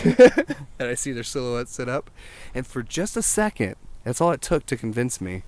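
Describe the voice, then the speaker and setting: A man, a songwriter guest, telling a rambling anecdote in a casual, animated way, swearing and acting out what people said. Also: mid-range voice, unhurried. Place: outdoors.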